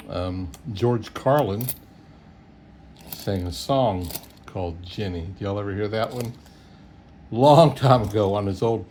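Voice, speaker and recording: Middle-aged man, folksy solo talker, chuckly, low and slow, faint background hiss. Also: a little mellow. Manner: chuckling, easygoing, folksy, thinks aloud. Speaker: coin roll hunter. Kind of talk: casual solo video commentary.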